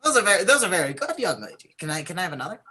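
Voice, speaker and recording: A woman's voice: lowish voice, big pitch swings, rapid-fire, sharp tone, slightly rough, exaggerated voice. A woman playing an eccentric mad scientist who stammers and speaks oddly. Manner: stammering, odd and creepy. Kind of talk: improv comedy.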